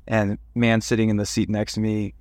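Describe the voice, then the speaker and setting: A man from Cleveland hosting a podcast interview, asking questions and telling his own stories in a chatty, animated way. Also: fairly low pitch, normal speed, dry recording, clean studio sound. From Cleveland, USA. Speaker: podcast host. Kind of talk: interview with personal anecdotes.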